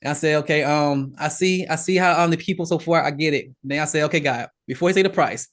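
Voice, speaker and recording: A man guesting on a podcast, telling his story in a casual, animated way with frequent restarts. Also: a little high, fast talker. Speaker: podcast guest, real estate investor.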